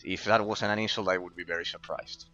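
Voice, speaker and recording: Guy streaming, bright forceful voice, keeps repeating himself and tripping over words. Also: sits low, fairly even intonation, fast, highs cut off, soft background music. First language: Spanish. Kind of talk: casual stream chat with viewers.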